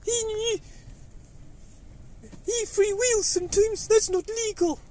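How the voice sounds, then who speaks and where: A man voicing a squeaky, chirpy little sidekick who answers back. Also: steady tone, slow pace, darkish tone. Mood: cheeky.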